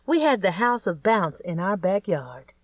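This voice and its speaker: A woman's voice: medium pitch, very animated, measured pace, no echo. A woman narrating a first-person audiobook in a blunt, crude, streetwise way.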